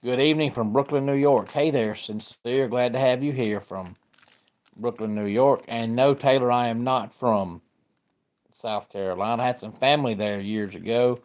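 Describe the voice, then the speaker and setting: A man's voice: medium pitch, moderate pace, darkish tone. A middle-aged man from Georgia with a Southern accent, hosting a casual live-stream sports talk and greeting viewers by name. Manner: chatty, greets viewers by name while discussing football.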